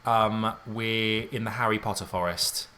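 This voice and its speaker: A man giving let's play commentary on a game, excitable and jumpy, thinking aloud in casual slang. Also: lowish voice, unhurried, a little hiss or hum. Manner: casual slangy talk, says mate and dude. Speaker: gaming YouTuber.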